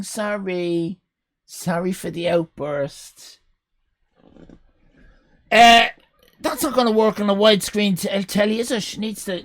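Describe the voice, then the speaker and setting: An Irish live streamer in his fifties shouts mock-outraged, swear-laden banter at his chat. His high voice is growing hoarse.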